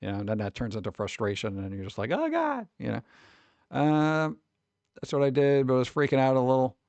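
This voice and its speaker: A man's voice: mid-range voice, fairly even intonation, quick pace, darkish tone, clear, resonant tone, no room sound, highs cut off. A man streamer chatting casually and rambling with his live chat, swearing freely and talking straight to his viewers.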